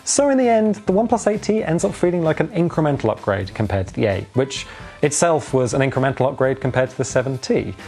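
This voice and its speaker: A man giving a scripted tech review in a clear, measured and lightly wry way, filmed outdoors on a phone's own microphone. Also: mid-range voice, very animated, a little mellow, soft background music. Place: outdoors in wind. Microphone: phone's built-in microphone.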